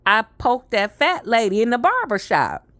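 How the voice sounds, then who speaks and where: A woman telling a personal story in a casual, animated way, often repeating phrases for effect. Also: on the high side, normal speed, no echo, clean studio sound. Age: adult.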